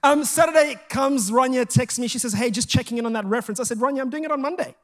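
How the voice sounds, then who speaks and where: Delivering a sermon quickly in an extremely high-pitched voice, a man spins jokey stories and performs the quoted dialogue. His style is animated and self-mocking.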